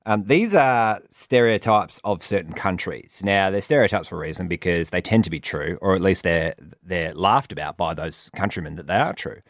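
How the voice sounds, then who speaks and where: A man's voice: sits low, lively intonation, normal speed, hardly any pauses, no room sound, clean studio sound. A man hosting a radio show, joking around and reading out clues for a quiz game. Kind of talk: casual radio banter.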